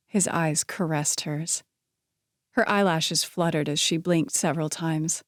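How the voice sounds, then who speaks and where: A woman narrating a romance novel in an even, measured reading voice on a close studio mic. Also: low-pitched, no room sound. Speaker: audiobook narrator. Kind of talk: scripted narration.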